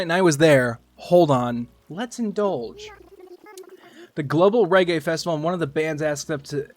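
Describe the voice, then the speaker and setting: A man chatting casually on a gaming livestream, rambling, joking and swearing. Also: fairly high pitch. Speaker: streamer.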